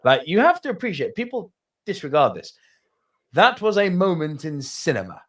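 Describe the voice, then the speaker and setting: Animated man with a lively voice. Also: on the high side, moderate pace. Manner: animated, swearing, bursts into loud laughter. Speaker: podcast co-host. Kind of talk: casual chat.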